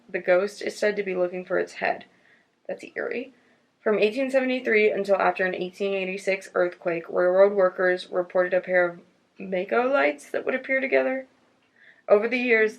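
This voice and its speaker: Female podcast host, casual and chatty, gravelly fry in the voice, reads stories aloud. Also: mid-range voice, rough recording. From North Carolina.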